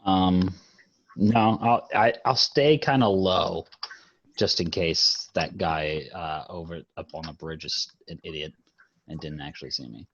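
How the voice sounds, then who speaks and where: Low husky male player, muffled. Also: measured pace, fairly bright tone. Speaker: tabletop game player. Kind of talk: casual chat.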